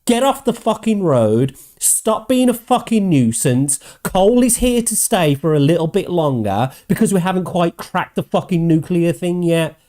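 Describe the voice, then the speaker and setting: A man hosting his own show, ranting angrily with constant swearing and mocking quotes in a higher voice. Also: expressive, normal speed, hardly any pauses, mellow. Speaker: host. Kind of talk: ranting commentary.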